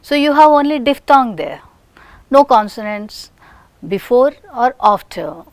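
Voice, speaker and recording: An animated, slightly high-voiced woman from India, speaking with an Indian English accent, records a phonetics lecture with no room sound. Her deliberate, slow demonstrations of sounds include whispered examples.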